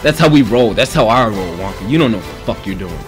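A man voicing his own cocky, bullying alter ego, taunting in a low growl over gameplay. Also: animated, fast talker, over music, natural voice. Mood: gloating. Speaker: video game commentator.

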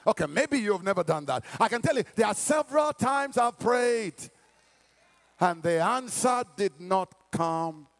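Male preacher, very high gravelly voice, swings widely, shouts and half-sings through the sermon. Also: animated, unhurried, faint music behind. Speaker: pastor.

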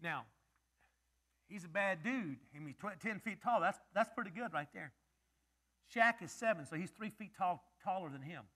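Man, pastor, sermon, high voice, lively pitch, joking, quizzes the congregation. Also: moderate pace.

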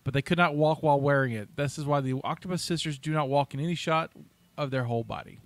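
A man co-hosts a casual movie podcast, his voice sitting a little high for a man. He is close on the mic in a completely dry sound. He talks through movie trivia in a chatty way, trips over names and laughs at his own jokes. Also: quick pace, no room sound.

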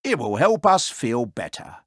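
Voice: mid-range voice, very animated, measured pace, no room sound, clean studio sound. A storybook reader voicing a timid, snack-loving male pig who whimpers and frets. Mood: fretful. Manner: fretful, whimpering. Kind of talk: storybook reading.

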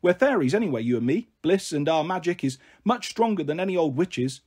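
A man's voice: on the high side, big pitch swings, fairly quick, darkish tone, husky. A man voicing a protective big-sister girl who spins playful, coaxing fairy stories in a storybook reading.

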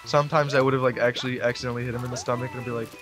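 A young man in his late teens giving rambling let's play commentary into a desk mic, breaking into sudden excited yelps. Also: medium pitch, rapid-fire, over music. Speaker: gamer.

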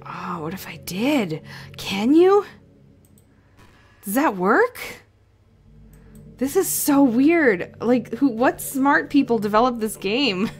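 A woman's voice: a little high, sing-song, slow pace, long pauses, soft background music. A young woman playing a game and commenting on it, jumpy and nervous, often laughing. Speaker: let's play host.

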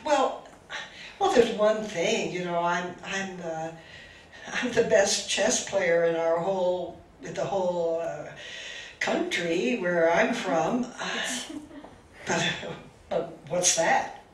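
Woman telling a story as a despairing older village man, halting and pleading, roomy faraway sound. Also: fairly low pitch. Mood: hesitant. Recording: roomy, distant mic, faint hiss.

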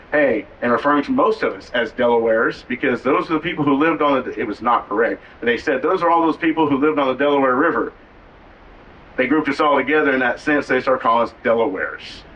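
A man's voice: medium pitch, fairly bright tone, dull audio. A man from Oklahoma, a tribal cultural educator, speaking informally to a visiting group outdoors, joking and getting the crowd to repeat words. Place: outdoors at a waterfall site. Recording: distant mic with faint background noise.

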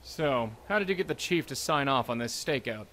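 A man's voice: mid-range voice, expressive, a little fast, fairly bright tone, slight background noise, close to an everyday voice. An actor playing a young, anxious by-the-book male police partner, formerly military, in a game. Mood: worried. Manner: nervous, rule-bound and deferential. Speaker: game character.

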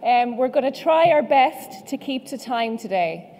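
Irish woman, conference host, mellow voice, long hall reverb, chatty with fillers and restarts. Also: fairly high pitch, animated, measured pace. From Ireland. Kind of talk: welcome speech.

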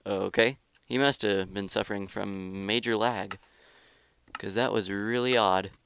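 A man with a lowish, gravelly voice calls out his own match as he plays. He is excitable, taunts opponents and grumbles about lag in casual gameplay commentary. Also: a little slow, no echo. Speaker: gaming YouTuber.

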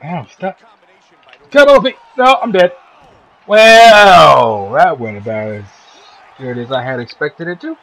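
Taking it slowly in a fairly high, expressive voice, a young gaming video host narrates his fighting-game match. His commentary is loud, profane trash talk, full of swearing and jokes aimed at the computer opponent.

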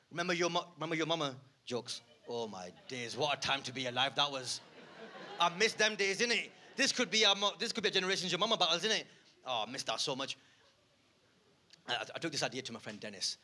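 A man performing live stand-up, swinging from muttered asides to loud rants. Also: fairly high pitch. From United Kingdom. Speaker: stand-up comedian. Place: theatre stage.

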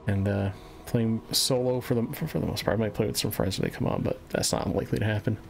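A man giving relaxed, casual commentary as he plays a game on a live stream, muttering to himself as he goes. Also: fairly low pitch, fast, gravelly. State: a little out of breath. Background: game music.

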